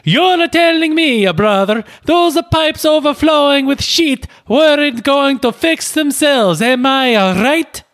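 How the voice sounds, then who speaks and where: Luigi, a high comic Italian-style voice. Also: male voice, lively intonation, a little slow, few pauses, a bit bright, heavily acted. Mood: jovial. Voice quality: high, exaggerated accent put on. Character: Luigi, Mario's brother and father, Italian-style.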